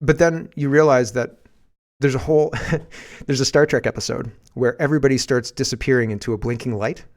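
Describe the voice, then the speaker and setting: Canadian guy doing a political podcast, rambly, gets loud and worked up at times. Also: mid-range voice, a little fast. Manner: rambling, animated, shouts when acting out scenes. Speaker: podcast host. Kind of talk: casual political commentary.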